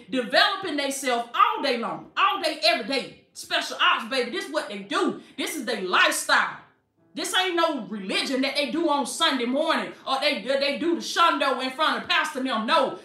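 Animated woman preacher, echoey room. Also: high-pitched, distant mic. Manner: animated, calls listeners baby, laughs often. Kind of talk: sermon. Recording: echoey, from off the mic, faint music.

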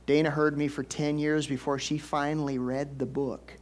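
Preaching a folksy, chatty sermon at a moderate pace, this middle-aged pastor has a voice on the high side. He swings between excited bursts and quiet asides in a conversational style.

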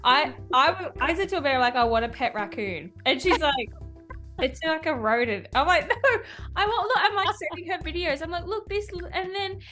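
A woman co-hosting a podcast, a mom, chatting in an animated, excitable, giggly way. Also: high voice, normal speed, faint music behind. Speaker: podcast co-host. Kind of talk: casual chat.

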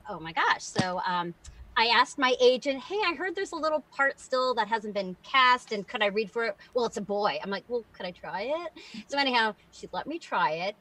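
Woman, slightly high voice, rambling, self-deprecating, video call storytelling. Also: lively intonation, moderate pace, bright, forceful tone, poor audio. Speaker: cartoon voice actress at a cast reunion.

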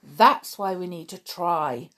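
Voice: medium pitch, slow pace, fairly bright tone. Woman voicing an earnest, pleading boy. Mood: urgent. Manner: pleading and urgent. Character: earnest determined boy patient.

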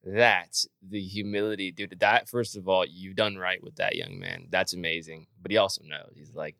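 A man's voice: low-pitched, expressive, moderate pace, creaky, few pauses, bright, forceful tone, no room sound, clean studio sound. A man hosting a podcast interview in a casual, chummy way, laughing often and calling his guest "man" and "bro". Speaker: podcast host.

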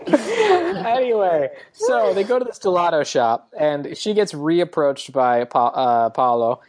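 A man's voice: on the high side, very animated, takes it slowly, a little mellow. A man co-hosting a podcast, rambling through a movie plot with many fillers. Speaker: podcast co-host. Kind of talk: casual movie recap chat.

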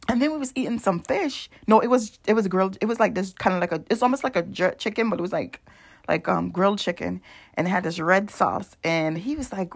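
A young woman talking straight to her viewers in a loose, rambling vlog story. She is chatty and animated, with plenty of asides and laughs. Her voice sits in a middle range and has a gravelly, fried texture. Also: medium pitch. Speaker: vlogger. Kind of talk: casual storytelling.

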